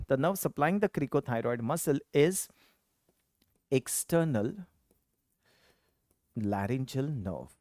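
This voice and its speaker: Lively, animated lecturing teacher. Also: mid-range voice, no room sound, studio quality. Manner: quizzes students with questions and answers them himself; repeats key terms for emphasis. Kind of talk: exam-prep anatomy lecture.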